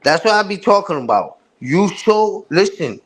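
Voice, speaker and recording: A man's voice: sits high, normal speed. Heated New man ranting on stream. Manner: animated, heated, profane street slang. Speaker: livestream host. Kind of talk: casual livestream rant.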